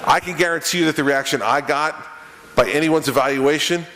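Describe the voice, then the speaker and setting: A man's voice: fairly high pitch, fairly quick, background noise. A middle-aged man giving a conversational, joking campaign speech, speaking directly to the audience. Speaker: political speaker at a campaign event. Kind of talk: stump speech with storytelling. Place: event room with an audience. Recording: reverberant event hall.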